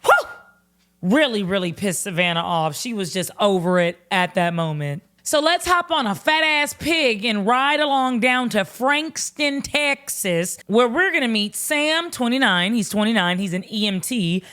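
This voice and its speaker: A woman vlogger recapping reality TV in a casual, animated and blunt way, swearing freely. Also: a little high, measured pace.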